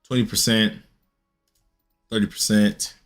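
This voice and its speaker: A young adult man chatting casually and rambling while he streams a game, leaping into high excited yelps. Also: measured pace, soft background music. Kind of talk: casual gaming stream chat.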